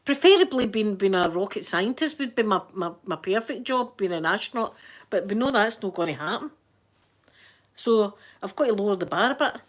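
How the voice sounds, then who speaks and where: A woman with a broad, thick Scottish accent rambles cheerfully to her livestream viewers. She talks in a mid-pitched voice, greets people by name and laughs often. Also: expressive, normal speed. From Scotland. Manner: chatty, laughs often, reads out viewer names. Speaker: livestreaming YouTuber. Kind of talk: casual live chat.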